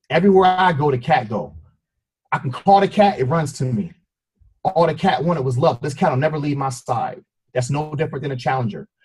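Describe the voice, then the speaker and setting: Husky, lively motivational speaker man. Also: a little high. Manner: storytelling, acts out voices and meows. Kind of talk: motivational team talk.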